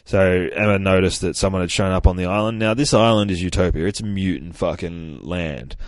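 A man's voice: low-pitched, fairly quick, dry recording. A man hosting a podcast, recapping a comic book in a casual, rambling, heavily profane way, recorded dry and close. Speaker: podcast host.

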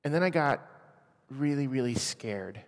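A man in his forties from Washington state, sharing a personal testimony in an earnest, quiet, emotional way. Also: mid-range voice, animated, unhurried. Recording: long hall reverb.

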